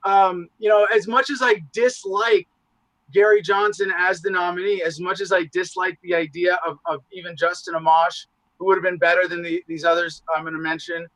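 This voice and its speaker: A man in casual podcast conversation, talking in animated, profane, rambling asides. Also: high-pitched, moderate pace, no room sound, rough recording. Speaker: podcast guest, show host.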